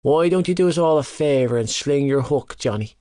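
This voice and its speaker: A man's voice: a little high, expressive, a little fast, dry recording, pitched above the performer's own voice, close to an everyday voice. A man doing Ronan, a furious teenage boy. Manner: shouting, spitting insults, voice cracking. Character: angry teenage boy rugby player, hot-headed. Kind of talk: audiobook character voice.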